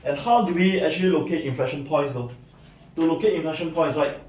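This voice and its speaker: A man's voice: on the high side, a little fast, darkish tone. A man giving a recorded math lecture, explaining step by step and checking in with "right?" and "okay". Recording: echoey room, mic at a distance.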